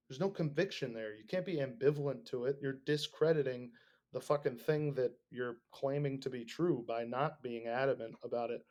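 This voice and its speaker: A young man hosting a podcast, rambling in casual, profanity-laden talk that swings between mumbled asides and loud bursts. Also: medium pitch, muffled recording. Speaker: podcast host.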